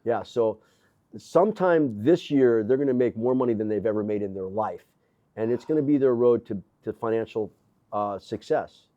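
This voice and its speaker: An older man, a gym owner, telling animated stories in casual conversation with quoted dialogue and blunt, profane language. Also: lowish voice, normal speed, lo-fi sound. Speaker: gym owner, interview guest. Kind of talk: casual storytelling. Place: gym office.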